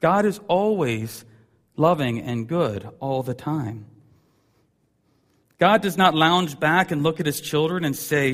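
A man's voice: fairly high pitch, unhurried. A man in his thirties preaching a sermon as a pastor, telling stories with a voice that jumps up sharply for emphasis. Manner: animated storytelling, voice rising sharply for emphasis. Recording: long hall reverb.

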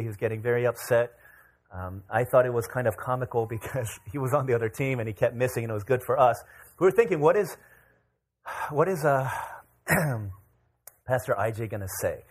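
A man in his forties, a pastor, telling a story during a sermon with light humor and frequent fillers. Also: medium pitch. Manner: storytelling, self-deprecating humor, many filler words.

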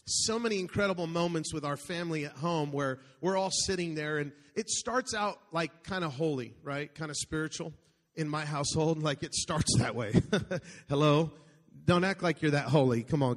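Middle-aged male pastor, high-pitched, animated and joking with his congregation; reverberant church hall. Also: moderate pace. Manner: animated, joking storyteller with call-outs to the congregation. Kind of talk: sermon. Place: large church auditorium.

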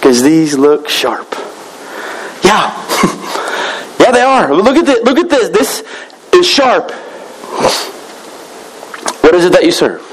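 A man's voice: sits high, very animated, slow pace, long pauses, a bit bright, slight background noise, low-quality recording. A man preaching a conversational sermon as a pastor, joking with the congregation and acting out little quoted exchanges.

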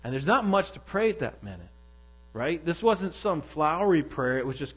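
A man's voice: fairly high pitch, very animated, normal speed, poor audio. A middle-aged man giving a sermon, telling a personal story in a candid, self-deprecating way. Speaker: pastor.

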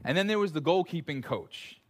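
A man's voice: fairly high pitch, animated, brisk. A man preaching a sermon to a congregation, telling stories with self-deprecating jokes. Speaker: pastor.

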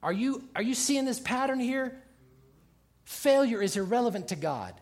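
A pastor preaching a sermon, emphatic, swinging between quiet asides and loud, passionate stretches. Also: male voice, very high voice, very animated, normal speed.

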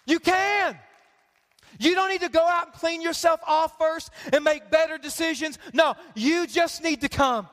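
A man's voice: extremely high pitch, fairly even intonation, a little slow, a bit bright. Male pastor, sermon, passionate and repetitive; long hall reverb. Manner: passionate, repetitive preaching with building emphasis.

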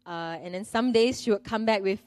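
A woman's voice: mid-range voice, brisk, darkish tone, no room sound. A middle-aged woman, preaching a sermon in an earnest, conversational way with self-deprecating humor.

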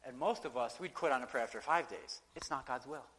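A man preaching a sermon in a conversational, animated way, acting out quotes and asides. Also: medium pitch, brisk. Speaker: pastor. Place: church sanctuary. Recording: long reverb of a large hall.

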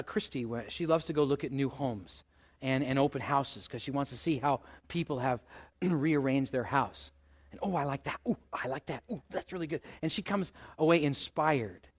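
A middle-aged male pastor preaching a sermon, animated, asking the congregation questions and acting out exasperated outbursts. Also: mid-range voice. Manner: animated, acts out exasperated voices with loud outbursts.

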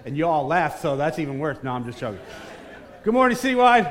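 A man's voice: mid-range voice, fast. A man preaching to a live church congregation as a guest pastor, joking and teasing the crowd with lots of energy. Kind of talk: live church sermon with banter. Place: large church hall with congregation. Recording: distant reverberant hall, faint room noise.

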